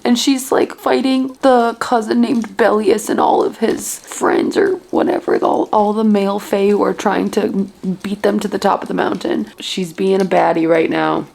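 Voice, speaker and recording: A young woman excitedly reacting to a novel as she reads it in a casual vlog. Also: medium pitch, moderate pace, creaky. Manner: gushing, excitable reactions to a book. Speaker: book vlogger. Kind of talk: casual reading vlog commentary.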